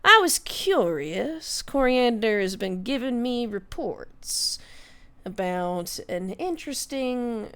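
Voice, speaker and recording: A woman's voice: medium pitch, animated, a little slow. A woman voicing a sly, charming male fey stranger in a tabletop game, with a teasing manner. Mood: coaxing. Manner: silky, teasing, calls people darling. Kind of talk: tabletop game role-play.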